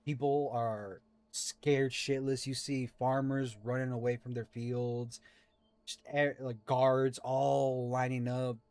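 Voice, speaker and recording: A man's voice: mid-range voice, flat delivery, slow pace, a little mellow, no room sound. A man narrating a tabletop game as game master, loose and rambling with many restarts.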